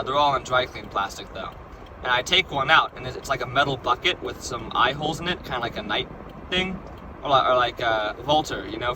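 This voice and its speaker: A man's voice: medium pitch, background noise. A young man casually recounting a strange dream, rambling with stumbling restarts and lots of "right?" and "like". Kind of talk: casual storytelling.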